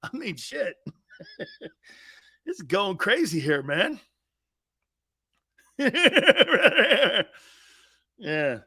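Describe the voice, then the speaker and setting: A man's voice: sits high, big pitch swings, slow pace, long pauses, sharp tone, husky. A man hosting a sports talk show in a blunt, profane, mocking monologue, laughing often.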